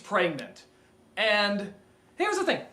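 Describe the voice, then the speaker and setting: Brief: ranting male reviewer, swooping lively pitch, roomy echoey recording. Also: slow. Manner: exasperated, animated, mocking impressions. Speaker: film reviewer. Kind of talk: comedic review rant.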